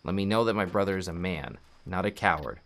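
Sickly dying priest, resigned, calm, solemn, low voice, read by a man. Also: brisk.

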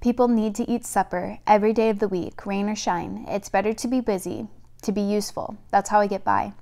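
A woman's voice: mid-range voice, fairly even intonation, fairly quick, creaky, warm tone, lightly acted. A woman reading the lines of a grieving middle-aged mother who keeps herself busy to cope, in an earnest, tearful way.

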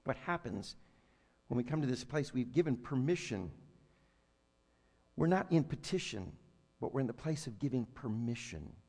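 A man preaching a sermon as pastor, building to loud emphatic lines and then dropping to soft, quiet tones. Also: mid-range voice, lively intonation, moderate pace, long pauses. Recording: long hall reverb with faint hum.

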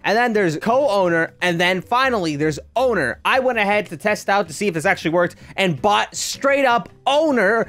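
Excitable woman narrating a video game. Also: on the high side. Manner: excitable, bursts into shrieks and yells. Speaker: gaming YouTuber. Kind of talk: excitable gameplay commentary.

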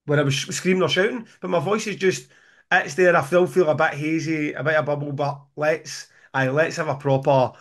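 A man's voice: on the high side, a little fast. A man hosting a casual podcast chat over a remote call, rambling and laughing as he talks. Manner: chatty, laughing, rambling with restarts. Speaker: podcast host.

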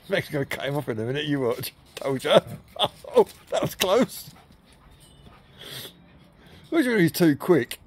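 A man's voice: fairly high pitch, sing-song, a little slow, pauses often. A man filming his dogs in a garden, teasing and cheering them on with a chatty, laughing manner. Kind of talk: casual talk to pets while filming. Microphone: handheld camera.

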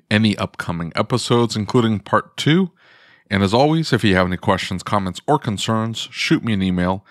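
A man with a lowish voice hosting a podcast, joking and teasing his guests in loose chat with plenty of restarts. The sound is dry and close, with no room echo. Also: fairly bright tone. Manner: jokey, teasing, many restarts. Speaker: podcast host. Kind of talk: casual chat and scripted outro.

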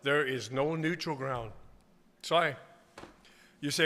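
A revival preacher with a high, sharp, forceful voice. He drops to quiet asides, then rises into loud, emphatic declarations. The sermon rings with long reverb through a church sanctuary. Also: expressive, unhurried, pauses often.

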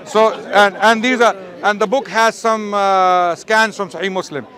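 Man debating calmly over a crowd. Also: sits high, measured pace. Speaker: Muslim debater. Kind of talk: heated street debate. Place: outdoor public park. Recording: outdoor crowd around the speakers.

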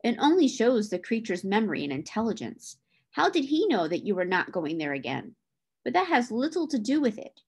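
A woman reading the lines of a stern, principled gentleman who reproves others over the cruel treatment of horses. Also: fairly high pitch, big pitch swings, a little fast, slightly rough, exaggerated voice. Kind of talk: reading a novel aloud.

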